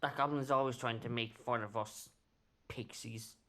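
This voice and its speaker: A man's voice: mid-range voice, fairly even intonation, moderate pace, fairly bright tone, lightly acted. A man voicing a small bossy pixie who collects tickets, snippy and grumbling, for a tabletop game.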